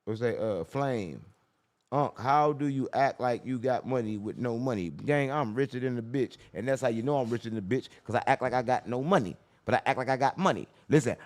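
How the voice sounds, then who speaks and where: Brash fast-talking podcast host man. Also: medium pitch. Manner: brash, profane, preachy. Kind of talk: casual podcast chat.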